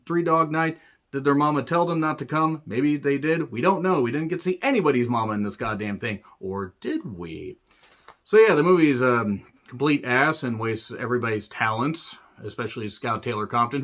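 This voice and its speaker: A man's voice: mid-range voice, a bit bright. A man tearing into a film he hated, his review a profane, sarcastic rant. He drifts off into jokey tangents and comes back to the point. His voice sits in a middle range, and the recording sounds a little dull and lo-fi. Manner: sarcastic, profane, rambling asides. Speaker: movie reviewer. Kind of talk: ranting movie review.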